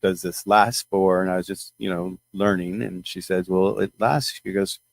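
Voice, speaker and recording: A middle-aged man telling a personal story to his followers in a rambling, halting way, with many restarts. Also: sits low, fairly even intonation, creaky. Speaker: channel host.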